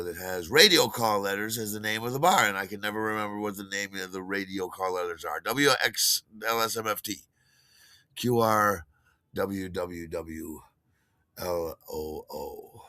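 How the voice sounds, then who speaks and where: A man's voice: lowish voice, normal speed, pushed and bright, clear, resonant tone, dry recording. An older man telling a rambling personal story, full of fillers, restarts and chuckles at his own tale. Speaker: podcast host.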